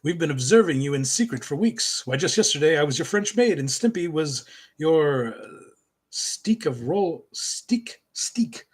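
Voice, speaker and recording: A man's voice: on the high side, animated, a little slow, husky, voice pushed up. A man voicing a scrawny, hot-tempered male cartoon chihuahua with a put-on foreign accent, stumbling over the lines as he reads them aloud. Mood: smug.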